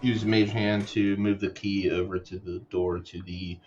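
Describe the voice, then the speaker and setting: A man speaking as a player in a tabletop game, deliberate and a little hesitant. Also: deep voice, level tone, lo-fi sound, over music. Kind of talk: casual tabletop game talk.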